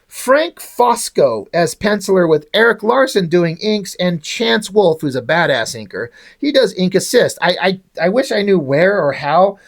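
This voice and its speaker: A man's voice: high voice, animated, measured pace, vocal fry, few pauses. A man casually reviewing a comic book, rambling and swearing freely, often restarting his sentences.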